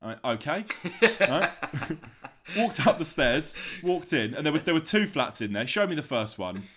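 A man's voice: fairly high pitch, moderate pace. A man co-hosting a podcast over a remote call, telling a long anecdote in a casual way and acting out the other people's voices. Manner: animated, acts out voices in his anecdotes. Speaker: podcast co-host. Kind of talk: casual storytelling chat.

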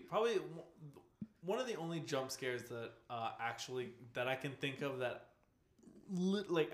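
A man's voice: medium pitch, a bit bright, roomy sound. A man in casual gaming chat, rambling as he retells scenes and acts out game characters, swearing freely.

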